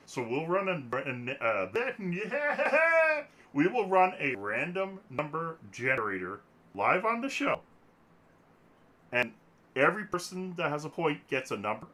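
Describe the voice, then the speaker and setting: A man hosting a casual podcast, his pitch swinging widely as he jokes and rambles. His voice is bright and forward. He laughs often, talking into a desk microphone. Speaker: podcast host.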